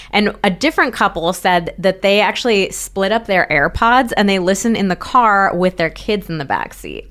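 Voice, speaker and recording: A woman's voice: medium pitch, a bit bright. A woman co-hosting a podcast, chatting casually and reading listener messages aloud in an upbeat way. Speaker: podcast co-host.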